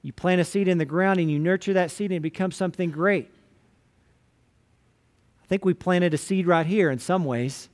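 Pastor, man, higher voice, relaxed storytelling sermon style. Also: moderate pace, pauses often. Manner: casual storytelling, retelling scripture in everyday words.

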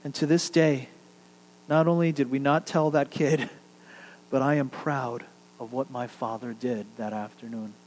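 A male pastor preaching a sermon, telling a story with animated build-ups and quiet, hushed drops for emphasis. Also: medium pitch, unhurried, long reverb tail, poor audio.

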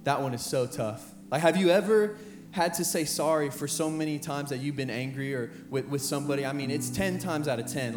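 A young man preaches an earnest sermon in a somewhat high voice, repeating his phrases as he builds. He is heard in a roomy church hall while a band plays clearly under him. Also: brisk, few pauses, over music. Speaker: high school pastor. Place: church sanctuary with band playing behind.

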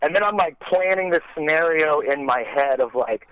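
A man's voice: on the high side, moderate pace, dry recording. A man telling a rambling, profane, self-deprecating story in a casual way, full of "like" and restarts. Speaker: podcast guest storyteller. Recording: tinny phone-like line, dry.

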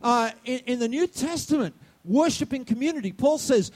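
A male pastor preaching a sermon in a high, lively voice that leaps up and down. He rises into loud outbursts, drops to low asides, and keeps checking in with the congregation. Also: moderate pace, few pauses. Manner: asks the congregation questions. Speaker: senior pastor.

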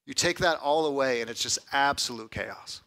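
A man preaching a conversational sermon, often asking "right?" and building to loud, emphatic lists. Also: medium pitch, moderate pace. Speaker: pastor.

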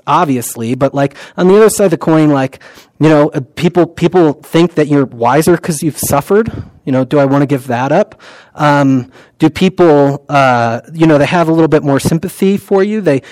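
Man, preacher, sermon, conversational, filler words, soft-spoken prayers, slightly high voice, dry close sound. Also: lively intonation, moderate pace, no room sound, rough recording. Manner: conversational, with many fillers and quiet, softened prayer recitations.

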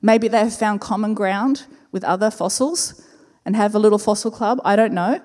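A woman, a pastor telling a personal story in a sermon, expressive and slowing down to repeat key words. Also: mid-range voice. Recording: reverberant church hall with faint music.

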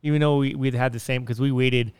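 A man's voice: mid-range voice, steady tone, fast, clean tone, dry recording. A man hosting a casual podcast, rambling and upbeat as he tells stories into a close mic. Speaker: podcast host.

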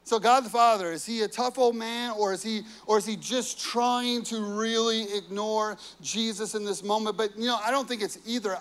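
A man's voice: high-pitched, fairly bright tone, clear, resonant tone. A man preaching a sermon, earnest and personal, telling family stories with frequent "you know"s. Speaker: pastor.

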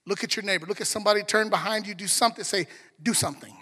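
A man's voice: high-pitched, very fast, sharp tone, husky, in a large hall. A man preaching a sermon as a pastor, joking and talking conversationally with the congregation. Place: church sanctuary.

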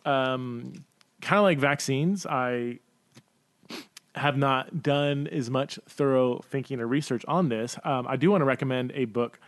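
A man's voice: mid-range voice, measured pace, no room sound. A man hosting a Q&A podcast, thinking aloud with lots of fillers and restarts and stumbling over words. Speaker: podcast host. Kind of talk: casual Q&A podcast talk.

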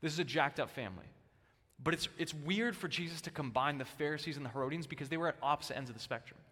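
A male pastor preaching a sermon, with emphatic stress that swings between loud bursts and hushed, low lines. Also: fast talker. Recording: long hall reverb.

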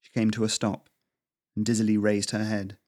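A man reading an animal adventure story aloud as an audiobook narrator, in a steady, measured way. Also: on the low side.

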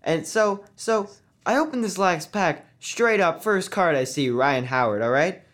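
A teenage boy, a guest on a casual chat, telling his story with eager excitement. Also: high-pitched, measured pace. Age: teens.

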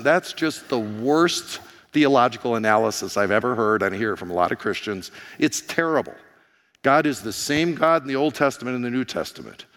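Hoarse pastor preaching in a big hall. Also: male voice, on the low side, normal speed. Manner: animated, questions the congregation. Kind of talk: sermon. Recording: long reverb of a large hall.

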